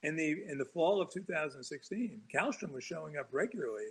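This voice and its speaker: A man's voice: fairly high pitch, expressive, fairly quick, fairly bright tone, breathy edge, low-quality recording. A man guesting on a talk show, telling long, rambling anecdotes with frequent restarts and chuckles. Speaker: author guest. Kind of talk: casual storytelling interview.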